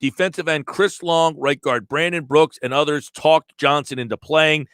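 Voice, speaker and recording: A man hosting sports talk radio, breaking down a news article with animated delivery and acted-out quotes. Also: fairly high pitch, moderate pace, smooth, dry recording, clean studio sound. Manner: animated, reads article quotes aloud and acts out tones.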